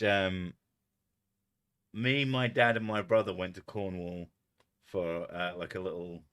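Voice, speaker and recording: A man with a southern English accent chats loosely on his livestream, swearing freely and laughing between rambling stories. His voice sits low, with a bright, forceful edge to it. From England. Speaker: streamer. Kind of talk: casual livestream chat.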